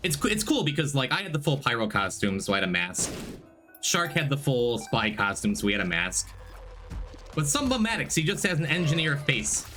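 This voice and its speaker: Male streamer in casual chat, animated pitch swings, soft music underneath. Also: brisk. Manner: animated, jumps into excited high greetings. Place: home room.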